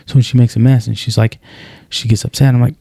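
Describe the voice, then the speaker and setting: A man in his thirties, a podcast co-host in casual chat, telling animated stories and acting out what he says. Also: medium pitch, quick pace, creaky, husky, no room sound. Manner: animated storyteller, acts out quotes.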